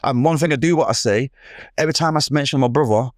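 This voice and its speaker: A man, a podcast guest telling a personal story in rapid, slangy speech and acting out the people in it. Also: medium pitch, no room sound, clean studio sound. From Manchester, England. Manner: rapid, slangy, retells scenes with animated quoted voices.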